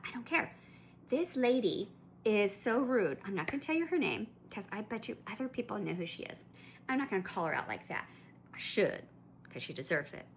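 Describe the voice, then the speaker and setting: A woman's voice: mid-range voice, slight background noise. A woman vlogger telling a shopping story in a chatty, indignant way, full of asides and restarts. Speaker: collector vlogger. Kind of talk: casual ranting storytelling.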